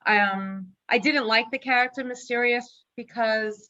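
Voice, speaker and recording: A woman's voice: a little high, a little slow, sharp tone, dull audio. A woman with a New York accent giving frank, opinionated views in casual chat. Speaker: podcast panelist.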